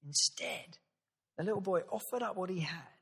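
A male pastor giving a sermon, telling the story with lively acted-out voices. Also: high voice, normal speed, vocal fry, husky, long reverb tail. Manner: animated storytelling, acts out voices.

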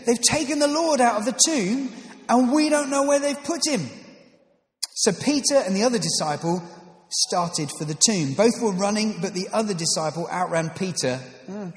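A man preaching a sermon, reading scripture aloud and adding playful, jokey asides. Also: on the high side. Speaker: pastor. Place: church. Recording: echoey reverberant church hall.

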